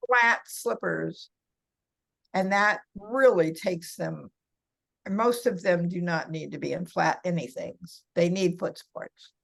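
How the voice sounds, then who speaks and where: Speaking slowly in a low, creaky voice, a Californian woman of older age joins a podcast as a guest. She's chatty, talks about giving massages to seniors, and breaks into laughter as she shares stories in this relaxed interview.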